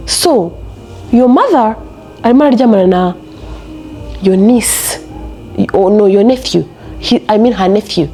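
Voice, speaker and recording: A young woman from Rwanda, speaking, tells a story to her viewers. Her pitch swings widely as she talks, and she bursts into laughter and mock complaints. She chats casually, slipping between two languages. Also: normal speed, pauses often, soft background music. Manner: animated, laughs often, mixes Kinyarwanda and English. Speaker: storytelling vlogger.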